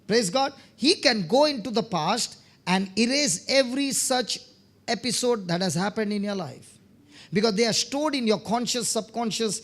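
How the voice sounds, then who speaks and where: A man with a high, slightly bright voice preaches a sermon built around testimony stories. He frequently checks in with his listeners and repeats words as he begins phrases.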